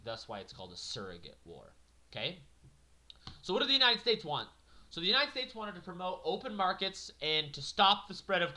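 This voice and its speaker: A man lecturing on history with a bright, forceful tone. He talks casually and with lots of energy, dropping playful asides and checking in with the class as he goes. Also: medium pitch. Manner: conversational, animated, jokey asides. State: yawning, a little tired. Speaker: teacher.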